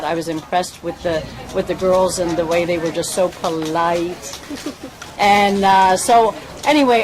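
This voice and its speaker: A woman's voice: lowish voice, poor audio. A woman giving a heartfelt, rambling speech at a ceremony as a volunteer fundraiser, often restarting her sentences. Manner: earnest, rambling, with many restarts. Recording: crowd noise behind the speaker.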